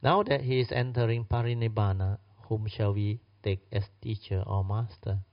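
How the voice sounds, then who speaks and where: A man's voice: fairly low pitch, fairly even intonation, moderate pace. A man teaching a Buddhist storytelling sermon in non-native English phrasing, acting out the dialogue and often adding tag questions. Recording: dull lo-fi recording.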